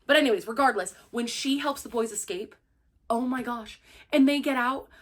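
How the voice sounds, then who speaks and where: A young woman gushing through a casual, spoiler-filled book review, excitable and full of "like". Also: fairly high pitch, moderate pace. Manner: gushing, excitable, heavy use of "like".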